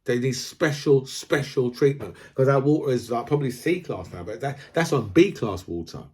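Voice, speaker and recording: A man's voice: medium pitch, lively intonation, moderate pace, darkish tone. A man from Britain, ranting casually about politics, rambling, repeating himself and asking "right?" again and again. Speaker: political commentator.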